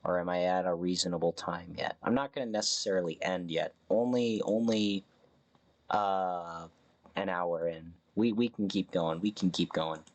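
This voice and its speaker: A man's voice: deep voice, normal speed. A man streaming a survival game, chatting casually and correcting himself as he rambles. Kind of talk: casual live game commentary.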